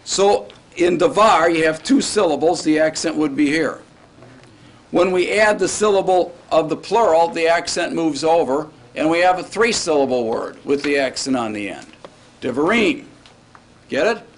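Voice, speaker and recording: Fairly high-voiced man teaching a class. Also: normal speed. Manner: casual, checks in often with "all right?" and "right?". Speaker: Hebrew grammar teacher. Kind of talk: classroom lecture. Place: classroom with students.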